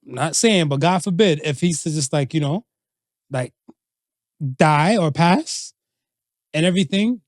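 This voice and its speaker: Man, podcast co-host, casual chat, slightly high voice, dry close mic. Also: animated, measured pace, long pauses, no echo. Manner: conversational, drops into playful acted quotes.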